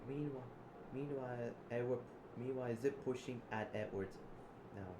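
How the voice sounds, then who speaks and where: Halting man in a noisy, roomy space. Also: medium pitch. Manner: halting, repeats words. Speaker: role-play player. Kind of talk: improvised role-play narration.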